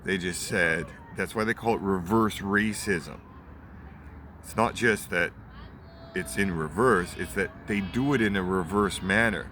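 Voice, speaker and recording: A man's voice: low-pitched, measured pace, pushed and bright. Young man ranting over street traffic. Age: 20s. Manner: heated, repetitive, swears often. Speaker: vlogger. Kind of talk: angry profane rant. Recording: outdoor traffic noise.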